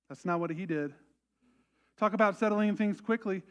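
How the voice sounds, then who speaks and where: A man preaching a sermon as pastor, animated and acting out quoted voices to a congregation. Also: high voice, normal speed, dull audio. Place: church service.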